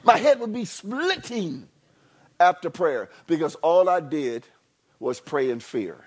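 A man with a high, bright-sounding voice preaches a sermon in a church. He repeats himself for emphasis and drops into chatty asides. Then he builds up to near-shouting. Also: slow pace, husky. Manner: animated, swinging from soft to near-shouting. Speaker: pastor.

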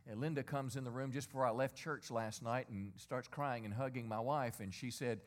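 A man's voice: mid-range voice, a little fast. A middle-aged man preaching a sermon as a pastor. He speaks in a conversational way, asks many rhetorical questions and gets the congregation to repeat lines after him.

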